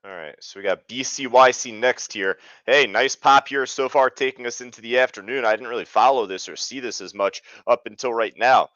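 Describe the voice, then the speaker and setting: A man's voice: medium pitch, brisk, few pauses, fairly bright tone, no echo, dull audio. A man hosting a live trading webinar, talking casually with lots of fillers. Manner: casual, chatty, many fillers. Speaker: trading room host.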